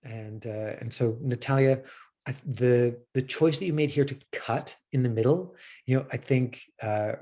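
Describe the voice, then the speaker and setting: A man's voice: medium pitch, normal speed, darkish tone. A man teaching acting on camera, talking casually and rambling with many restarts. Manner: rambling, full of fillers and restarts. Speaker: acting coach.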